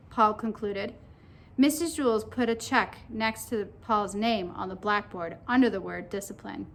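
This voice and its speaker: A woman narrating a children's story aloud with expressive storytelling. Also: mid-range voice, moderate pace.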